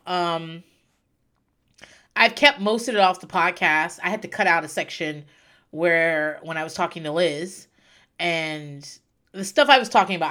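Here a podcast host in her thirties chats casually through a personal anecdote, stumbling over restarts and fillers as she moves from tears to laughter. She speaks in a lowish register with a fairly bright quality.

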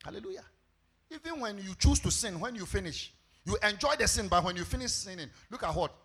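Male pastor, very high and sharp voice, fervent sermon delivery with shouted and sung lines. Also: expressive, a little fast, husky. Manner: fervent preaching, bursts into shouts and sung phrases.

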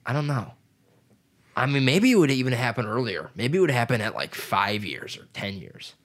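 A man's voice: medium pitch, sing-song, normal speed, a bit bright. A man in his twenties chatting casually, rambling with lots of filler words and swearing. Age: 20s. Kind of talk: casual chat.

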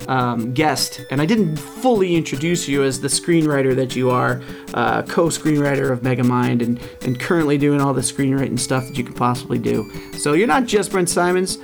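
Gravelly, halting podcast host over music. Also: male voice, medium pitch. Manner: halting, filler-heavy, friendly wrap-up. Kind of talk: casual podcast chat.

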